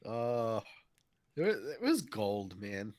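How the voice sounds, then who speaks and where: A man's voice: fairly low pitch, very animated, slow pace, a little mellow, no room sound, studio quality. A man co-hosting a casual podcast, rambling about funny movie scenes and swearing easily. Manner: laid-back, rambling, drops swear words. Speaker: podcast co-host. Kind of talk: casual chat.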